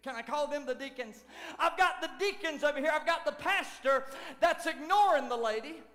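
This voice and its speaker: Male pastor, very high voice, animated preaching from shouts to hushed lines, long hall echo. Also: normal speed. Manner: animated preaching, shouting at peaks and dropping to near whispers. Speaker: lead pastor. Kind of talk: sermon. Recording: long church hall reverb.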